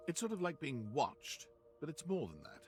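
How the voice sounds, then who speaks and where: A man's voice: fairly high pitch, huge pitch swings, normal speed, soft background music. A man narrating a video game in a wry, descriptive way.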